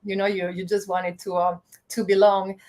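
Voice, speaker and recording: A woman's voice: mid-range voice, level tone, moderate pace, a little mellow. Reflective woman from the Canary Islands. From Canary Islands, Spain. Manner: reflective, many restarts and reported dialogue. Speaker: guest. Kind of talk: casual interview talk.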